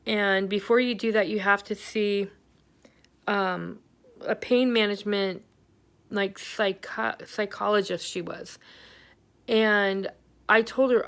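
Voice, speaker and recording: A woman's voice: mid-range voice, steady tone, takes it slowly, pauses often. A middle-aged woman giving a candid, rambling health update on her vlog, venting with lots of fillers. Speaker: vlogger.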